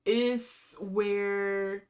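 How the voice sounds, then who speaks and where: A woman in her thirties talks through a casual tarot reading in a relaxed, meandering way. She leans on fillers and restarts. She rattles off strings of card keywords at an everyday, middle pitch. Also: drawn-out words. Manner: rambling, lots of fillers, reels off card keywords. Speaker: tarot reader.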